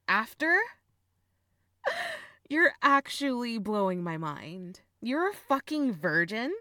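A woman's voice: mid-range voice, animated, slow pace, no echo, clean studio sound. A young woman playing a blunt, teasing older sister in an audio role-play, swearing freely and laughing often. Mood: amused disbelief.

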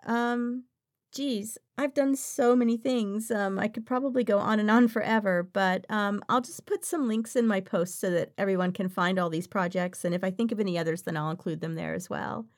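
A woman's voice: medium pitch, normal speed. A woman voice actress answering interview questions in a frank, playful way, often laughing.

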